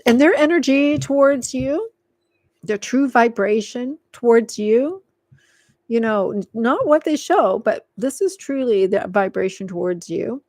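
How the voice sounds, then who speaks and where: A woman giving a live tarot reading, talking in a rambling, filler-heavy way and gently coaxing the listener to calm down. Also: fairly high pitch, no room sound. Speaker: tarot reader.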